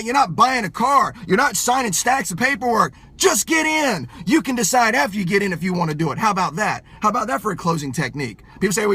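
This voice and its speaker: A middle-aged man giving a fired-up motivational sales pep talk, yelling and hammering home his points with punchy repetition. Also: sits high, slightly rough.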